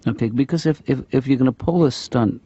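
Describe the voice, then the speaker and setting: A middle-aged man voicing a mild-mannered therapist, speaking softly in a dry, deadpan way. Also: mid-range voice, a little fast, husky, no echo, close to an everyday voice. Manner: soft-spoken, dry, deadpan. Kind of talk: animated sitcom voice acting. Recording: dull lo-fi sound, dry.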